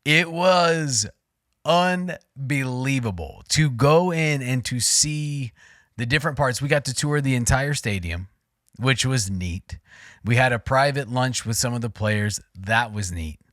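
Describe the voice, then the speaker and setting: Bright-voiced man in his forties telling a story. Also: mid-range voice, a little slow, no echo, studio quality. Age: 40s. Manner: rambling, excitable, lots of fillers and restarts. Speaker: podcast co-host. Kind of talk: casual storytelling chat.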